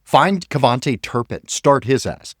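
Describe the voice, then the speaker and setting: A man talks sports with a lot of energy, his voice jumping up and down as he gets excited. He slips in sarcastic jabs now and then. The sound is dry and close, with no room in it. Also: mid-range voice, a little slow, dry recording. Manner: hyped, animated, sarcastic asides. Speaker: podcast co-host.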